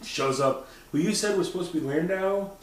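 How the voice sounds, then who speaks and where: A man with a fairly high voice chats loosely and profanely, swinging into quick impressions as he goes. He sits back from the mic, and the room rings around him. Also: distant mic. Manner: animated, profane, mimics voices. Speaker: podcast co-host. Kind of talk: casual chat. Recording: roomy, off-mic sound.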